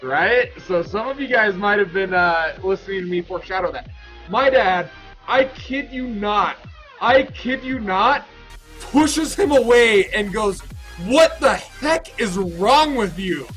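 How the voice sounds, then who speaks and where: A man in his thirties telling a story to his Twitch chat, rambling and excitable with lots of restarts. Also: sits high, measured pace, soft background music, poor audio. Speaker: Twitch streamer. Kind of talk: casual storytelling to stream chat.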